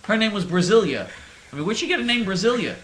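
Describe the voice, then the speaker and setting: A man's voice: sits high, expressive, fast, fairly bright tone, roomy sound, slight background noise, low-quality recording. A male host delivering a sarcastic, rambling satirical monologue, stammering over his words.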